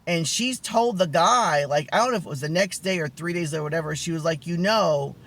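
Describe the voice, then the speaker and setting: A man vlogging, telling a personal story casually with many fillers, restarts and dramatic pitch swings. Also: brisk, fairly bright tone.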